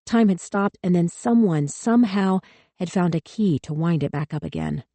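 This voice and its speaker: Low, measured woman narrating. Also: lively intonation, mellow, dry recording. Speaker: audiobook narrator. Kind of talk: scripted narration.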